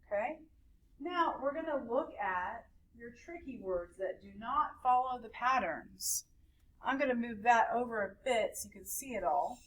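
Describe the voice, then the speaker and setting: A woman teaching a recorded phonics lesson to young children, slowly stretching out and repeating each sound in a sing-song way. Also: on the high side, fairly bright tone. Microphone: camera recording at a desk.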